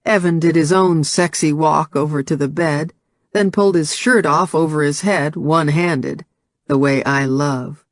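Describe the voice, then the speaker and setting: A man reading a first-person novel aloud as audiobook narration, in a measured, steady storytelling manner on a close studio mic. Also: a little high, dry recording.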